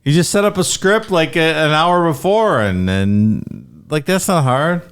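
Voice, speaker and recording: Brief: male co-host, blunt skeptic, slow and expressive. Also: a little high, clear, resonant tone. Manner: blunt, emphatic, profane. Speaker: podcast co-host. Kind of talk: casual podcast banter.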